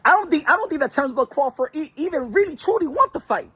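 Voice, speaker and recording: A man hosting a casual boxing commentary vlog, animated, slangy and joking. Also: very high-pitched, fast, no echo.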